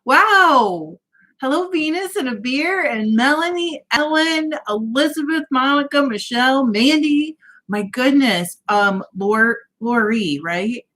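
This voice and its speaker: A woman with a slightly high voice hosts a relaxed livestream from her home. She greets viewers one by one, reads their comments aloud and laughs easily, speaking into a webcam mic. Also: slow pace. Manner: cheerful, greets viewers by name, laughs often. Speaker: livestream host. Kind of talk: casual livestream chat, reading out comments.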